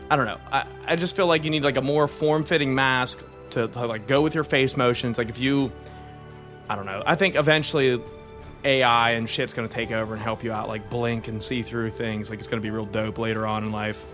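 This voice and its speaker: A young man in casual podcast chat, excitable and profane, riffing loosely. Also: mid-range voice, fairly quick, faint music behind. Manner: lively, profane, excitable with laughs.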